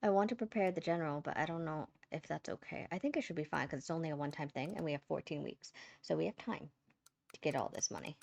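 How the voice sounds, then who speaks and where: A woman's voice: deep voice, fast talker, gravelly, darkish tone. A woman hosting a game playthrough, casually thinking aloud as she plays. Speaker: gaming channel host.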